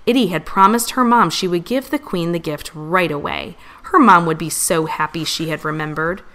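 A woman reading a children's storybook aloud, gentle and expressive. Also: lowish voice, moderate pace. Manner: gentle, expressive, lively voice changes for characters. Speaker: storybook reader.

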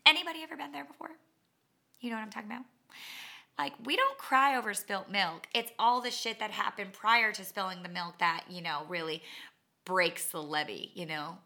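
A woman hosting a podcast, telling a story in a chatty, animated way with dramatic asides and self-mocking humor. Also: medium pitch, moderate pace, creaky. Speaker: podcast host and cycling instructor. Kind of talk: casual monologue storytelling.

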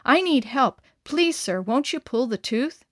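A woman voicing a rough male bandit with a toothache, humbled and pleading in a read-aloud story. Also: sits high, lively intonation, measured pace, fairly bright tone, no echo, studio quality, heavily acted.

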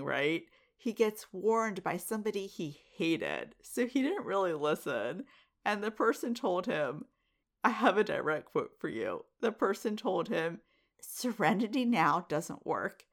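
A middle-aged woman hosting a podcast, talking casually in a monologue. She often laughs and puts direct questions to her listeners. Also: lowish voice. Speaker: podcast host.

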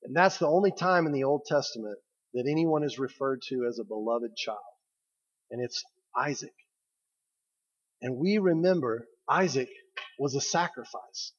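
A pastor giving a conversational sermon, stressing key words and slowing down for emphasis. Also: male voice, medium pitch, lively intonation, slightly rough, dull audio. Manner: conversational, emphatic preaching with slow pauses.

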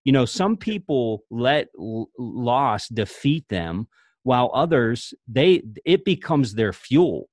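A male podcast host asks his guest measured, encouraging questions at an unhurried pace. His voice is recorded dry, with no room sound around it. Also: mid-range voice, no room sound. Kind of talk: interview.

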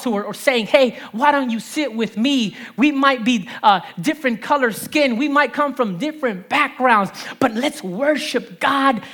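Woman preacher in her thirties, New Jersey accent, a bit high-pitched, lively call-and-response sermon. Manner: lively preaching with call-and-response, quick laughs and repeated phrases. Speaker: pastor.

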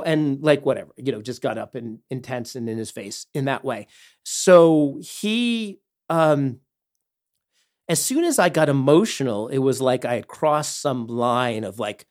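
A man's voice: medium pitch, normal speed, no echo, studio quality. A man telling a personal story as a podcast host, rambling with many fillers and growing heated and intense. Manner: heavy fillers and restarts.

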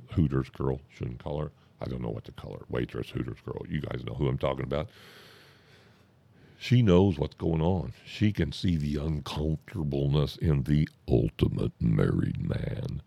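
A man spins a comic anecdote in a slow, drawn-out, deadpan way, stopping now and then to correct himself. His voice sits extremely low with a gravelly rasp. The tone is dark and husky. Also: no room sound. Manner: drawn-out, deadpan delivery with self-interruptions. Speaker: comic storyteller.

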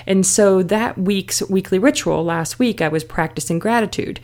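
A woman's voice: medium pitch, animated, moderate pace, few pauses. A middle-aged woman hosting a self-help podcast, talking in a conversational way with many fillers and restarts. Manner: conversational, frequent "you know" fillers and restarts. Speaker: podcast host. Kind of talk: casual self-help talk.

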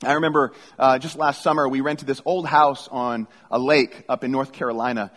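In a long, reverberant hall, a middle-aged pastor preaches, reading scripture and telling stories casually with frequent restarts. He speaks at normal speed in a fairly bright, medium-pitched voice with fairly even intonation.

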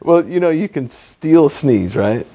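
Podcast host, man, gravelly and animated, jokey banter. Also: a little high, a little slow. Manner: joking, lively, laughs often. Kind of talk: casual chat.

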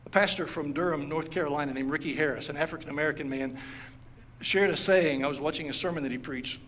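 A man's voice: a little high, quick pace, a bit bright, slight background noise. A man preaching a sermon as pastor, telling a story and acting out its quoted lines. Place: church sanctuary. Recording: long hall reverb, faint ambience.

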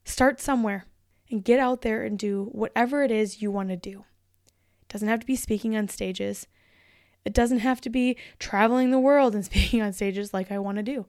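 A woman's voice: medium pitch, moderate pace, a little mellow, no echo, studio quality. A woman in her thirties hosting a solo podcast, talking in a chatty, upbeat and encouraging way. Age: 30s. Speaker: podcast host and motivational speaker.

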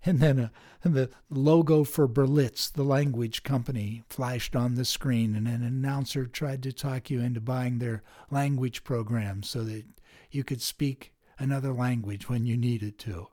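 A middle-aged man hosting a meditation podcast, telling a story in a measured, thoughtful way. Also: medium pitch, steady tone, dark tone. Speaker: podcast host. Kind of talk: reflective spoken meditation.

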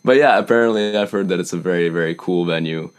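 A young Canadian musician with a low, fast, clean-toned voice chats casually as an interview guest. He's an animated storyteller who acts out quotes.

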